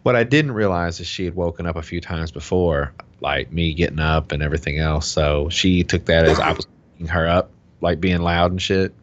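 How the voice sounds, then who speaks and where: Brief: very deep male podcast co-host, casual and profane, dull lo-fi sound. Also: fairly even intonation, a little fast, a little hiss or hum. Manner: profane storyteller, acts out heated quotes loudly.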